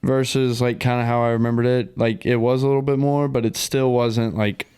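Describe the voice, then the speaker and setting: A young man with a smooth, clear voice chats about a film in a loose, unhurried way. His pitch sits in an ordinary middle range. He leans on "like" and trails off often. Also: flat delivery, a little mellow. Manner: laid-back, filler-heavy, says "like" constantly. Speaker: podcast co-host. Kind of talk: casual movie reaction chat.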